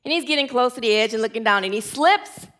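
A woman preaching a sermon in a lively, conversational way, telling a comic story. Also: a little high, quick pace.

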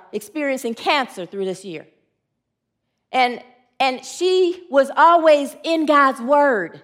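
Her voice sits high and has a slightly bright edge as she delivers a sermon. Earnest and engaged with her congregation through call and response, she narrates stories and performs the quoted lines.

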